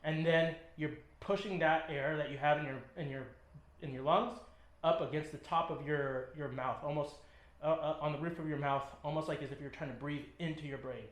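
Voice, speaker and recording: A man's voice: fairly high pitch, steady tone, normal speed. A man working as a fitness trainer, demonstrating and explaining lifts with short coaching cues and frequent ums as he moves. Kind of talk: instructional demonstration. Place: gym, indoors. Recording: echoey gym room.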